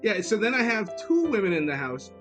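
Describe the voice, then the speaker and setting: A man's voice: high-pitched, very animated, fairly quick, over music. A man in his thirties co-hosting a podcast, rambling and crude, joking about family life with many restarts. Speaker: podcast co-host. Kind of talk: casual chat.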